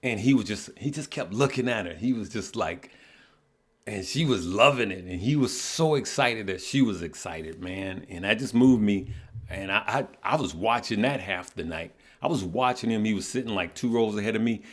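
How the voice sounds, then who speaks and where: A middle-aged man hosting a livestream, talking earnestly and haltingly, often repeating words and answering viewers by name. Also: on the low side. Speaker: livestream host. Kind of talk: casual heartfelt livestream talk.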